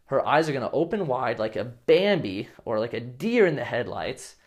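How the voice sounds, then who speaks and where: A man's voice: medium pitch, big pitch swings, normal speed. Blunt male dating coach, casual vlog delivery. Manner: blunt, swears casually, acts out example lines.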